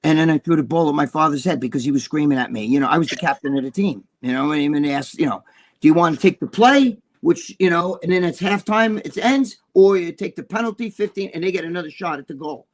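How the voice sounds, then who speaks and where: A man's voice: fairly high pitch, fast talker. A man in his sixties, co-hosting a casual chat and telling profane, heated stories. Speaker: co-host.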